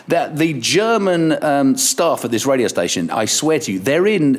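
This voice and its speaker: A middle-aged man, a radio presenter, telling stories in casual chat on a podcast, lively and laughing as he goes, his pitch jumping up when he gets excited. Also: normal speed, few pauses. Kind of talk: animated storytelling in casual chat.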